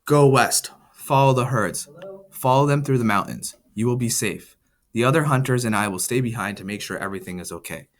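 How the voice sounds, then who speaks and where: A man's voice: mid-range voice, fairly quick, close to an everyday voice. A man reading the lines of a stern male tribal father who gives firm orders to his family in a storybook tale. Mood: grave. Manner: firm, commanding.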